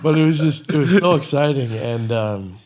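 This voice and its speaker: A young adult man hosting a podcast, telling a story in a chatty, excitable way with lots of fillers. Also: mid-range voice, normal speed. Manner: chatty and excitable, heavy use of "like" and "um". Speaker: podcast host. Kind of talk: casual storytelling chat.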